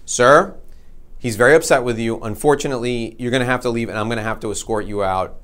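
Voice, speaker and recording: A man's voice: mid-range voice, fast, fairly bright tone, close to an everyday voice. A man voicing a stern male security guard who is firm but polite.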